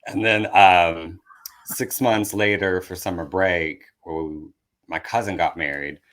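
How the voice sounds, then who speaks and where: A man's voice: low voice, steady tone, takes it slowly, fairly bright tone. A young man and comedian, telling candid, self-deprecating stories from his life in a casual podcast chat. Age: young adult. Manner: candid, self-deprecating, acts out family voices. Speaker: comedian guest.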